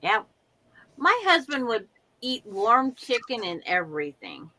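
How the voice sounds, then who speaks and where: A woman's voice: fairly high pitch, big pitch swings, a little slow, sharp tone, poor audio. A woman hosting a livestream chat over a video call from home, telling chatty stories and acting out quotes. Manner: chatty storyteller who acts out quotes. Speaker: host of a sewing livestream. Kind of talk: casual chat.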